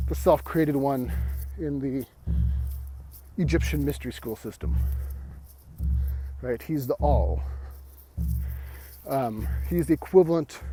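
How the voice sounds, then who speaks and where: A man talks slowly through an esoteric lesson while walking uphill outdoors, a little winded. He halts and restarts his sentences, and his voice sits a touch high for a man. Faint music plays underneath. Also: warm tone. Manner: halting, repeats and restarts words. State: slightly out of breath. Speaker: esoteric mystery school teacher. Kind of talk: rambling spoken lesson.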